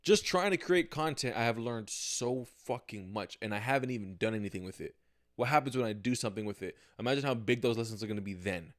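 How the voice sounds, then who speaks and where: Talking straight into a camera mic, this young podcast host runs a casual livestream on his own, candid and full of slang and swearing, frequently acting out how he reacts. He speaks fast in a fairly low voice.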